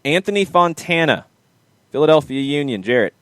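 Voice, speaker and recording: A man hosting a casual soccer podcast, quick and lively, teasing his co-hosts. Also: fairly high pitch, smooth, dry recording, studio quality. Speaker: podcast host. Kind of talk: casual sports chat.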